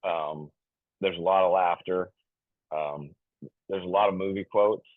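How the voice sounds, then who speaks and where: A deep-voiced man in his fifties, a podcast guest, rambles through family stories at a measured pace, joking around, calling himself goofy, and full of fillers and restarts. His tone stays steady. The casual storytelling comes through a tinny, phone-like, dry recording with no echo.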